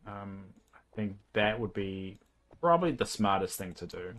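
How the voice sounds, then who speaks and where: A man's voice: lowish voice, expressive, moderate pace, fairly bright tone. A young man with a New Zealand accent, chatting casually as a livestreamer while he plays a game and thinks aloud with plenty of fillers.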